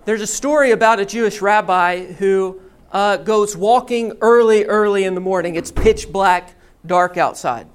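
A pastor preaching a sermon, telling a story and teaching in a deliberate storytelling manner. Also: mid-range voice, smooth.

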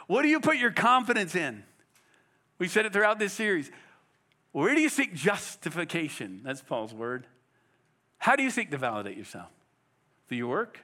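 A man preaching a Sunday sermon in a high, bright voice. His pitch swings widely as he presses the congregation with direct, emphatic questions. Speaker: pastor.

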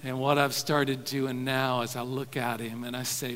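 Soft-spoken pastor in a reverberant hall. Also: male voice, mid-range voice, normal speed, hardly any pauses, a little hiss or hum. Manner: folksy, says y'all, soft-spoken then animated. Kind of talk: sermon storytelling.

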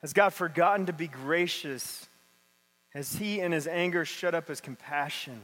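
A man's voice: on the high side, fairly bright tone. A man preaching a sermon in a church, reading scripture and then talking about it in a casual, conversational way. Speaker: pastor. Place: church sanctuary. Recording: long hall reverb.

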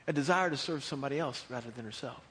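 Animated storytelling preacher man. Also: mid-range voice, racing. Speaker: pastor. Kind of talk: sermon.

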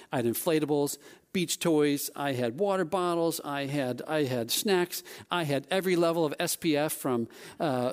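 A man with a fairly high voice delivers a sermon through a personal story. He tells it in an animated way, his voice climbing as he gets worked up, then drops low and soft on the serious points. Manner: animated storytelling, voice rising when excited; softens and lowers when speaking of grace. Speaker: preacher.

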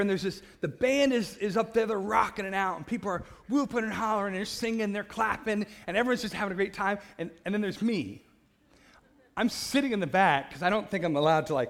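A man whose voice sits high recounts his personal faith testimony. He tells it in an animated way, laughing at himself and tripping over repeated words, and says he is passionate and loud.

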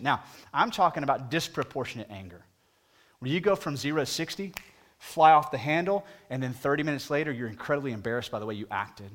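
A pastor preaching a sermon, talking conversationally and putting direct questions to the congregation, his voice climbing higher and louder at emphatic moments. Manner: rises in pitch and volume at emphatic points.

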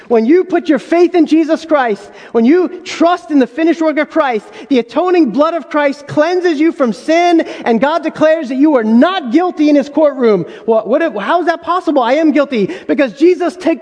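Male pastor with a very high voice and an emphatic sermon delivery, recorded in a big reverberant hall. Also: darkish tone. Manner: emphatic, full of rhetorical questions.

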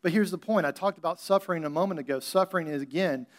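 A man's voice: on the high side, quick pace. A male pastor preaching a sermon in a conversational style, acting out scenes. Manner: conversational preaching, acts out Bible scenes with playful voices.

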